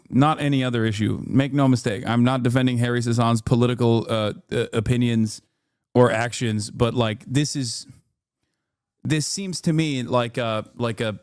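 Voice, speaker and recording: A man in his thirties giving live-stream reaction commentary, ranting in an exasperated, profane way, his voice jumping sharply up in pitch when he gets worked up. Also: no echo, studio quality. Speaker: political streamer.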